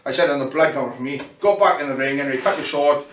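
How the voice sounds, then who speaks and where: A man's voice: mid-range voice, quick pace, a bit bright. A male wrestler and promoter telling a rambling, swear-filled story in a shoot interview, full of restarts and "you know what I mean". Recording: echoey room, mic at a distance, faint noise.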